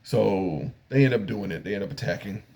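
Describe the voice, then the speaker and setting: An older man with a fairly low voice and a gravelly rasp to it talks through an episode of a show. He retells the plot in a loose, rambling way, padding it with fillers and paraphrasing what the characters say. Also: brisk, mellow. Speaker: anime reviewer. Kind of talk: casual episode recap.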